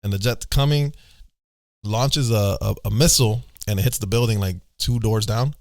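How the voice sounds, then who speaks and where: A man's voice: fairly low pitch, normal speed, dry recording, studio quality. A man hosting a podcast, talking loosely in casual chat with many restarts. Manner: loose, rambling talk full of restarts. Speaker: podcast host.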